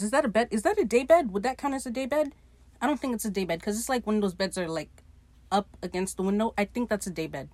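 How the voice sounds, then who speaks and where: A woman's voice: medium pitch, dry recording. A woman hosting a podcast, recapping a TV episode in casual chat, swearing freely and briefly acting out lines. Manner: chatty, swears freely, acts out lines in quick asides. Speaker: podcast host recapping a TV show.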